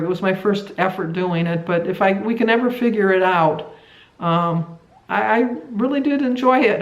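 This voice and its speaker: A middle-aged woman from the United States chatting to camera in a weight-loss vlog, rambling and halting, with many restarts. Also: mid-range voice. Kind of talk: casual chat to camera. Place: a room at home. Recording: echoey room.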